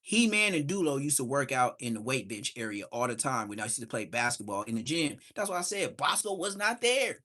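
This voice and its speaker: A man's voice: medium pitch, brisk, few pauses. A man hosting a livestream, telling street stories casually and acting out the voices of people in them. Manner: animated street storytelling, acts out quoted voices. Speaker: livestream host. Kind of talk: casual storytelling.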